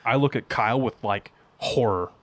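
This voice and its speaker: A man's voice: lowish voice, normal speed, no room sound. A man playing a tabletop game, joking and teasing the game master in casual chat. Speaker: player.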